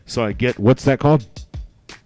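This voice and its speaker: A man's voice: mid-range voice, normal speed, faint music behind. A man co-hosting a casual chat show, telling a story with lots of swearing and acting out the voices of the people in it. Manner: animated storyteller, acts out voices of people in his stories; crude, swears freely. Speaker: podcast co-host.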